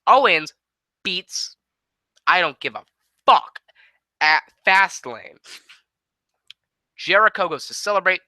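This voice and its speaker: A man hosting a show who narrates imagined wrestling matches as quick, casual play-by-play and sometimes swears. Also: a little high, sharp tone, no echo, poor audio. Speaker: host. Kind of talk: fantasy booking play-by-play.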